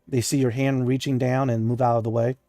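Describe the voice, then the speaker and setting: A man's voice: medium pitch, level tone, brisk, dark tone, no echo, faint music behind. A man narrating as game master of a tabletop game, chatty and laughing, with many fillers.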